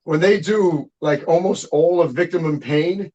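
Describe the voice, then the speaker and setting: A man's voice: on the high side, unhurried, mellow, highs cut off. Profane, storytelling middle-aged man. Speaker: guest musician. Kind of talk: casual interview chat.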